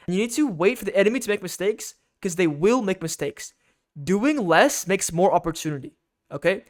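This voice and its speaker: High-voiced man coaching, emphatic. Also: fairly bright tone. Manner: emphatic, repetitive coaching with frequent "okay?" checks. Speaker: game coach. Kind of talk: instructional game guide talk.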